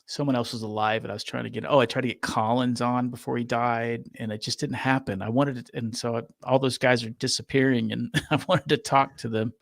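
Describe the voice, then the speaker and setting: A man talking as a podcast guest about people he has interviewed, in a halting way with many restarts. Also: medium pitch, fairly even intonation, gravelly, no room sound, clean studio sound. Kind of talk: casual chat.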